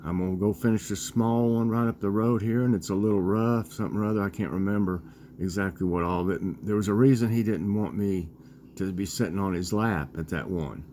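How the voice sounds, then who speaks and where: A man in his sixties chatting casually in a vlog, rambling and halting with lots of fillers as he tells a childhood story and talks about dinner. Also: fairly low pitch, mellow, a little hiss or hum. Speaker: vlogger.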